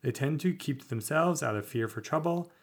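A man co-hosting a tabletop podcast, reading fantasy lore aloud at a measured, slightly halting pace. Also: a little high, animated. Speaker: podcast co-host.

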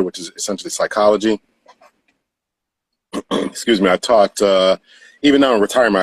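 A man in his fifties, a retired police captain, speaking as a podcast guest with a measured delivery and frequent "uh" pauses. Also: fairly low pitch, slightly rough, dry recording. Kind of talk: live podcast interview.

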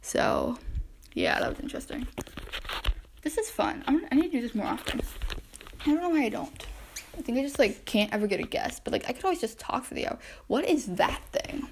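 A woman's voice: high-pitched, animated, a little fast, long pauses, slight background noise. A young woman hosting a casual solo podcast from home, chatting and narrating the animals she spots through her window, easily distracted and talking to them directly. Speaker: podcast host. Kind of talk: casual solo chat narrating backyard wildlife.

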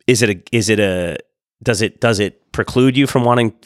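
A man co-hosting a podcast, chatting casually in a relaxed, rambling way with restarts and frank asides. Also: fairly low pitch, normal speed, no room sound, clean studio sound. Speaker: podcast co-host. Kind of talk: casual chat.

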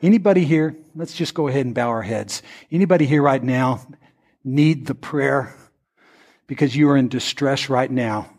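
A man's voice: mid-range voice, moderate pace, a little mellow. A male pastor preaching a sermon that builds into an impassioned altar-call prayer. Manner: impassioned, rising to fervent prayer.

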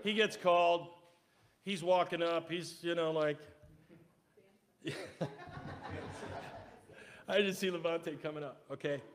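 In a church sanctuary, a male pastor delivers an animated sermon, acting out quoted voices and shifting from loud bursts to quiet asides. His voice is a little higher than most men's, and he speaks slowly, pausing often.

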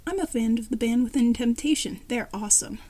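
A polite, easily impressed new-kid boy from a read-aloud story, voiced by a woman. He speaks high and friendly, with a mellow, darker tone. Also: brisk, close to an everyday voice.

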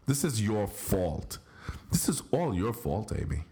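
A man's voice: on the low side, big pitch swings, a little slow, warm tone. A middle-aged man hosting a podcast in casual chat, grumbling in mock aggravation. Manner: grumbling, mock-aggravated, sing-song greetings. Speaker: podcast host. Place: home studio in Barcelona.

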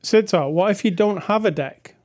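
An enthusiastic podcast co-host chats casually. The talk rambles, with plenty of fillers. The pitch stays in a middle range. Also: normal speed, darkish tone. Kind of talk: casual chat.

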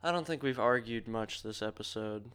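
Male podcast co-host, clear smooth tone, wisecracking and combative. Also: mid-range voice, normal speed, a bit bright. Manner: joking, profane, argumentative. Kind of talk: casual podcast chat.

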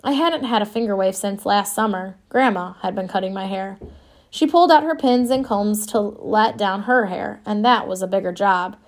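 A woman's voice: medium pitch, moderate pace. A woman reading an audiobook in the first person, with a wistful, wry storytelling manner. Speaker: audiobook narrator. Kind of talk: scripted first-person narration.

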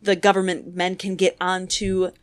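A woman's voice: on the low side, little pitch movement, moderate pace. A woman co-hosting a podcast, chatting casually about a film she loves, gushing and laughing often. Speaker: podcast co-host. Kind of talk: casual movie-rewatch chat.

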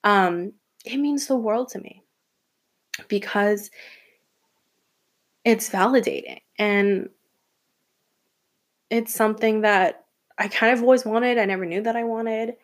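A woman's voice: a little high, slow pace, long pauses. A young woman from Atlanta hosting her own student podcast, talking emotionally and rambling with restarts and laughs. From Atlanta, Georgia. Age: young adult. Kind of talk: casual solo podcast monologue.

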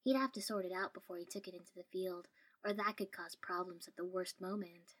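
A woman's voice: lowish voice, steady tone, fairly quick, slightly rough. A woman reading a first-person story aloud in a dry, wry tone. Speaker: story reader.

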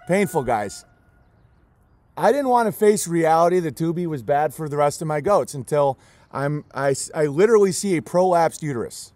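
A man's voice: a little high, darkish tone, no echo. A man who raises goats and chickens, ranting in an impassioned vlog, emphatic and emotional, hammering the same words again and again, close to tears. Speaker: homesteader raising goats and chickens.

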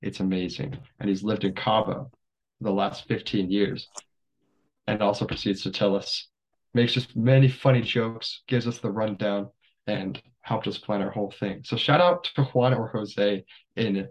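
A man's voice: fairly low pitch, fairly even intonation, normal speed, low-quality recording. A young adult man, a podcast guest, telling stories in a rambling casual way, full of fillers. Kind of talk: casual storytelling.

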